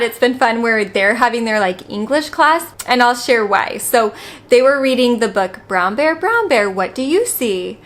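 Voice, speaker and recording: A woman's voice: fairly high pitch, a bit bright. A woman, a mother and vlogger, chatting casually to camera with lots of "like" fillers and easy laughter. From United States.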